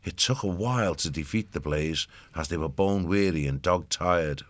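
A man giving steady scripted narration of a story. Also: low-pitched, normal speed, no echo.

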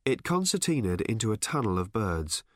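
A man narrating a story aloud in a wry, measured way. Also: lowish voice, very animated, no echo, studio quality. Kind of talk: audiobook narration.

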